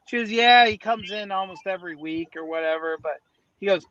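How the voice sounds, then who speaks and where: A man with a high voice tells a story in a loose, rambling way, stumbling into restarts as he goes. The sound is muffled and lo-fi, and he is outdoors near a city street. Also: a little fast, pushed and bright, no room sound. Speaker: podcast guest. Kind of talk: casual storytelling.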